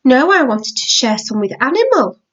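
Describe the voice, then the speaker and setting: A woman's voice: high voice, big pitch swings, normal speed. A woman voicing a small, impish boy who whines and pleads, reading a storybook aloud. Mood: whiny. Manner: pleading, whining. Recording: dull lo-fi audiobook recording.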